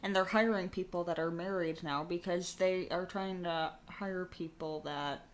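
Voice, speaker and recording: A woman's voice: on the low side, steady tone, unhurried. A woman co-hosting a casual podcast, talking in rambling, restarting sentences full of fillers. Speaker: podcast co-host. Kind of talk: casual chat.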